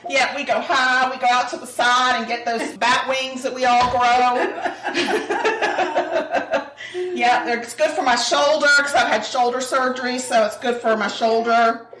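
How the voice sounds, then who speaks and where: Bright chatty woman hosting a cooking show. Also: sits high, steady tone, a little slow. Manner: chatty, laughs often. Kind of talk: casual chat while cooking. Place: kitchen. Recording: echoey room, mic at a distance, faint noise.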